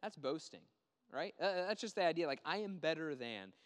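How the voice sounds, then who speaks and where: A man's voice: a little high, animated, normal speed, long reverb tail. A man preaching a conversational sermon, acting out quoted voices as he goes. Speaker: pastor.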